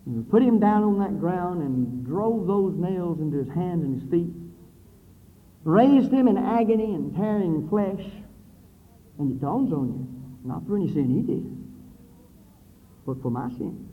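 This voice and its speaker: A man preaching a sermon with dramatic swings between loud declaiming and low, hushed passages. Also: lively intonation, a little slow. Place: church building with brick wall. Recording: phone-like thin sound in a reverberant hall.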